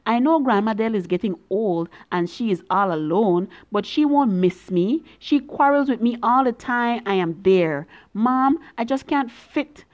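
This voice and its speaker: A woman's voice: mid-range voice, expressive, normal speed, few pauses, a little mellow. A woman reading a story in a young girl's voice, full of earnest, pleading questions to her mother. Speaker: reader.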